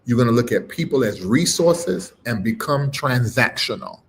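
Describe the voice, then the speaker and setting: A middle-aged man preaching on a live stream, emphatic and informal, swinging between loud punches and low murmurs and repeating phrases with a rising cadence. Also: expressive, normal speed. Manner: informal, dropped verb endings. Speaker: preacher and livestream host.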